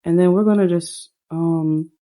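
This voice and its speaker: A woman's voice: lowish voice, steady tone, a little slow, dark tone. A woman casually narrating a life-sim game story, chatting to viewers with fillers along the way. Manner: chatty, addresses viewers as "you guys".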